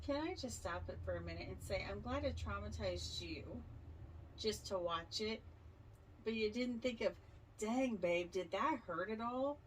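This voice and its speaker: A woman's voice: medium pitch, lively intonation, moderate pace, recorded from a distance, a little hiss or hum, poor audio. Teasing woman, a little off-mic. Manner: teasing, cuts in with quips. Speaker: podcast co-host. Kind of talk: casual chat.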